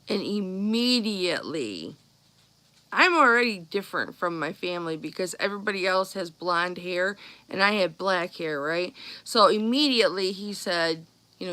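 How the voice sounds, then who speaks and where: A woman's voice: lowish voice, lively intonation, moderate pace, pushed and bright. A middle-aged woman telling a childhood story to her live viewers in a chatty way, acting out the people in it. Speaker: vlogger talking to live viewers. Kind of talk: casual live-stream storytelling.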